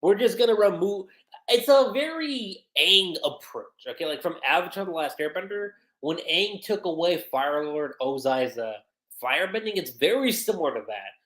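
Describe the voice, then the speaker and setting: An anime reviewer hosting a livestream, recapping an episode in an excitable, animated way with lots of fillers. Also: medium pitch, normal speed. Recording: roomy echo.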